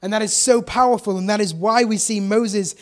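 A man's voice: high-pitched, steady tone, brisk. A man preaching a sermon in a conversational way, often asking his listeners questions.

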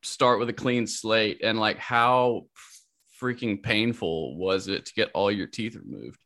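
A man's voice: fairly low pitch, unhurried, fairly bright tone. A man hosting a podcast in casual chat, rambling and often restarting his sentences. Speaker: podcast host.

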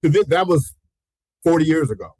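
A man's voice: fairly high pitch, fairly quick, breathy edge, dry recording, low-quality recording. A pastor of around sixty, a man, telling personal stories in an interview, acting out the voices he quotes, laughing often and repeating "you know". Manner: animated, acts out quoted voices, laughs often mid-story; repeats himself, peppers talk with "you know". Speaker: pastor and guest. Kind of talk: storytelling in a conversational interview.

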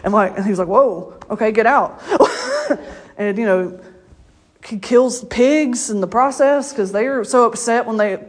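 A woman's voice: a little high, sing-song, measured pace. A woman preaching a casual, story-filled sermon. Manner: conversational storytelling, laughs often. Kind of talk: informal sermon.

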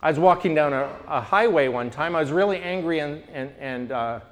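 A man from Canada leading a group teaching discussion, telling stories with lively restarts. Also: on the high side, brisk, in a large hall. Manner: animated storyteller, frequent restarts.

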